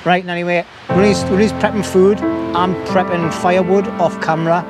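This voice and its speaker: A man's voice: high voice, little pitch movement, a little fast, loud music behind the voice. A jokey, chatty man vlogging from windy woodland. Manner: jokey, chatty, laughs a lot. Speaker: bushcraft vlogger. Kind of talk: casual chat to camera. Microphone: camera mic. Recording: wind noise.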